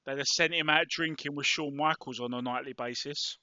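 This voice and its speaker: A man's voice: a little high, fairly even intonation, fairly quick, bright, forceful tone, smooth, dry recording, dull audio. A British man co-hosting a podcast, trading jokes and teasing pedantic asides in casual banter. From United Kingdom. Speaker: podcast co-host.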